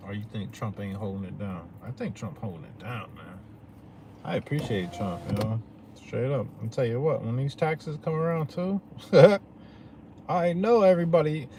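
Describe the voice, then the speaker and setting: A man's voice: medium pitch, a little mellow, a little hiss or hum. A man talking to his viewers in a loose, slangy, profane rant, often asking "you know what I'm saying". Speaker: vlogger.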